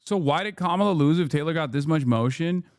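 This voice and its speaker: A man in his thirties doing live stream reaction commentary, sarcastic and deadpan, laughing often. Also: a little high, brisk, dry recording, clean studio sound.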